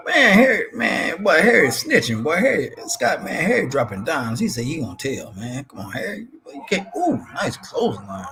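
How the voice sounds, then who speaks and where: A man's voice: a little high, sing-song, moderate pace, gravelly, sharp tone. A man hosting a live stream, giving slangy, laugh-filled casual commentary and reading chat aloud.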